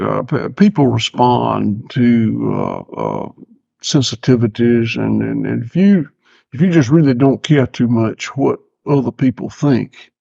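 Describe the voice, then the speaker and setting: An older Southern man talks in a gravelly, folksy drawl, circling back over his words before he lands them. The sound is muffled and lo-fi, with a dry, close feel and no room around it. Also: medium pitch, a little mellow, no echo. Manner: folksy, unhurried, stammering restarts. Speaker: guest farmer. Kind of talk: casual podcast chat.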